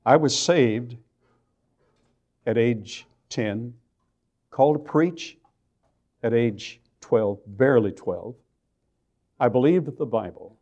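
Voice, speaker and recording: A man's voice: mid-range voice, a little mellow, muffled recording. An older man with a Texan accent gives a church lecture in a folksy way, stretching out words he wants to stress. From Texas. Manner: folksy storytelling with slow emphatic stresses. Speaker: creationist lecturer.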